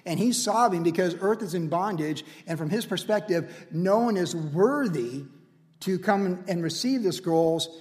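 A man with a high, bright voice preaches with emphatic energy, building his lines through repeated phrases. His voice carries a long reverb, as if it were spoken in a large hall. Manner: animated, emphatic preaching with repetition. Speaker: pastor. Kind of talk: sermon.

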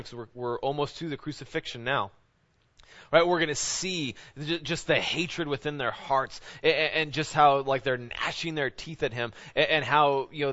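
Male pastor, conversational sermon, informal and halting, mid pitch, muffled lo-fi recording. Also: fairly bright tone. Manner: informal, halting, often asks "right?". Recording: dull lo-fi recording.

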